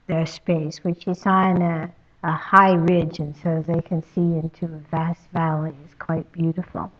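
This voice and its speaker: A woman spiritual teacher telling a traditional story in a slow, halting way, with many pauses. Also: fairly low pitch, muffled recording. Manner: slow, halting, with fillers and soft asides.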